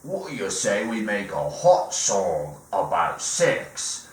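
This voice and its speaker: A man's voice: lowish voice, very animated, takes it slowly, echoey room, recorded from a distance. A man putting on a crude, exaggerated mock Cockney accent to caricature a British rock star. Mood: brash cockney.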